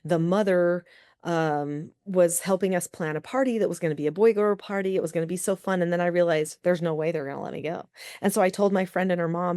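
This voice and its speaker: A middle-aged woman, a parenting expert, telling personal stories as a guest in a podcast interview, animated and full of "like" and "you know". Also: on the low side, a little fast. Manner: animated storyteller, many fillers like "like" and "you know".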